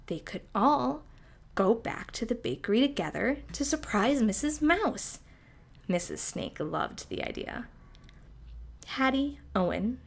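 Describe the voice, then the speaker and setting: A woman reading a children's storybook aloud, gentle and soft-spoken. She reads slowly and evenly, at a calm middle pitch. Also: gravelly. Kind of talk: storybook read-aloud for toddlers.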